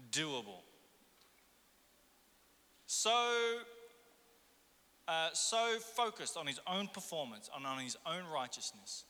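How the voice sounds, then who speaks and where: A man's voice: a little high, bright, forceful tone, in a large hall. A man preaching a sermon as pastor, firing rhetorical questions at the congregation. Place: church.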